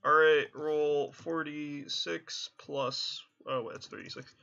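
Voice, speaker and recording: A man's voice: fairly high pitch, flat delivery, slow, gravelly, bright, forceful tone, muffled recording, soft background music. A man playing a tabletop game online, working out rolls aloud and correcting himself. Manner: counts dice aloud, stumbling and correcting himself. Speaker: player. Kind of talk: casual play chat.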